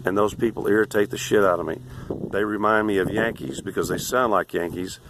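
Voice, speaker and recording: A man in his sixties with a Central Texas accent, tired and hoarse, ranting to camera in a crude, boastful, abrasive way. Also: lowish voice, brisk, background noise. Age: 60s. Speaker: vlogger.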